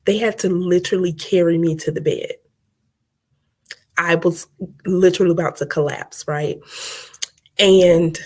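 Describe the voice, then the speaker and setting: A woman's voice: on the low side, darkish tone. A middle-aged woman, a motivational speaker and coach, talking live to her viewers. She speaks emphatically, in a preachy rhythm, repeating phrases and checking in with "right?".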